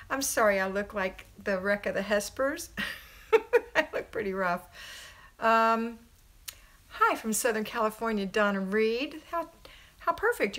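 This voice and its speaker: A woman's voice: fairly high pitch, a bit bright. A middle-aged American woman hosting a casual home livestream, greeting viewers by name and giving homemaking advice in a chatty, upbeat way. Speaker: homemaking coach and livestream host.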